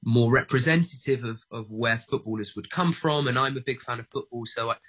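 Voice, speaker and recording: A man, an actor, answering interview questions in a mid-range, slightly husky voice. He pauses often with fillers and doubles back on his words. He adds a dry, self-mocking touch as he goes. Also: medium pitch, a bit bright. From England. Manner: hesitant, many fillers and restarts, self-deprecating. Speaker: actor, guest.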